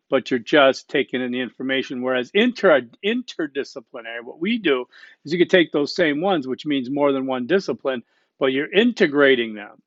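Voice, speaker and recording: A man in his fifties or older, teaching a recorded college lecture in a conversational way, full of "okay?" checks, fillers and quick self-corrections. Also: fairly high pitch, no room sound. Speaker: college instructor. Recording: dry, dull lo-fi recording.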